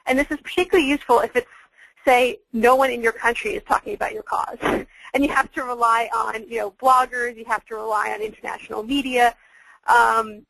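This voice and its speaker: A woman with a slightly high voice chats loosely on a webinar, filling her pauses as she goes. The sound is close and dry, with no room around her. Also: fairly even intonation, gravelly, fairly bright tone, dry recording, low-quality recording. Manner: chatty, many fillers and restarts. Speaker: webinar guest speaker. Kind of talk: conversational webinar talk.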